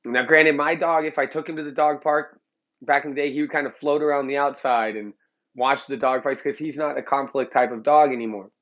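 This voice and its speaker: A dog trainer based in Los Angeles gives a blunt, profanity-laced, heated talk to camera. His mid-range voice is steady, brisk and a bit bright, though the audio is dull.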